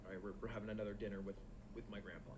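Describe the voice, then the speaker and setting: A young man telling a long, animated story in casual, profane chat as a stream co-host. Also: lowish voice, very fast, noisy background. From United States.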